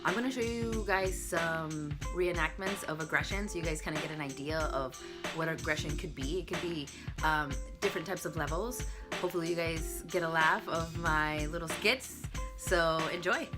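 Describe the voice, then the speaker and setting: A woman's voice: low voice, normal speed, over loud music. A woman vlogger talking casually to camera, candid and chatty, sharing advice and a personal story.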